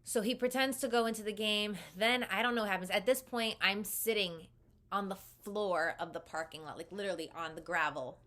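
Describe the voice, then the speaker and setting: A woman's voice: on the low side, sharp tone. A young woman vlogger candidly telling a personal story in a conversational way, often saying "like".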